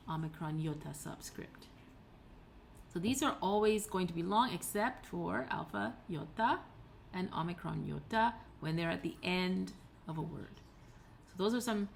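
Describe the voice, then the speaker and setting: A woman delivers a recorded tutorial in a patient, explanatory way, pausing on fillers and correcting herself as she goes. Her voice sits fairly low with a gravelly edge, and a faint hiss of noise lies under the recording. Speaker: teacher.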